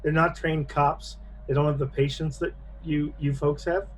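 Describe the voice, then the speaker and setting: A man narrating a tabletop horror game as game master on a video call, pausing often with fillers. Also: on the high side, little pitch movement, a little hiss or hum. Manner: halting narration with many fillers.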